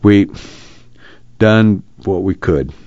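A man's voice: low voice, darkish tone, no echo, lo-fi sound. A man voicing a weary pleading old farmer. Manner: pleading, halting. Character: weary, guilt-stricken farmer father.

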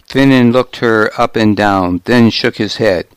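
A man narrating an audiobook in the first person, measured and even. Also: lowish voice, clear, resonant tone, dry recording.

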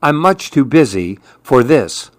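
A man's voice: mid-range voice, animated, a little slow, no room sound, studio quality, close to an everyday voice. A man doing a huffy, busy pigeon. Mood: impatient. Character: busy huffy male pigeon, brisk and impatient.

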